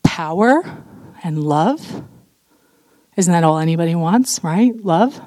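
A woman sharing her testimony with a women's audience, candid and animated, laughing often and swinging between earnest and playful. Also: on the low side, slow, dry recording, studio quality.

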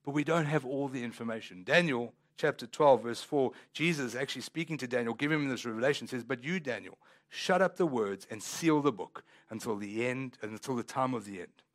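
A man's voice: medium pitch, a little fast. A man pastor preaching a sermon in a church, talking conversationally and rising into emphatic swells.

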